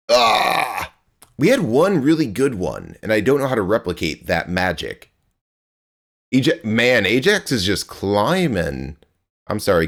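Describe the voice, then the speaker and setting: A young man streaming a game live, chatting with his viewers in a rambling, playful way and grunting as he plays. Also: on the low side.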